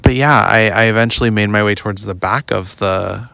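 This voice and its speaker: A young adult podcast host telling a long personal story outdoors in a rambling, casual way, full of "like" and "um". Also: male voice, fairly low pitch, steady tone, fairly quick, vocal fry, bright, forceful tone, smooth, dry recording. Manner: rambling, lots of "like" and "um", mimics others in quotes. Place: outdoors walking in the woods.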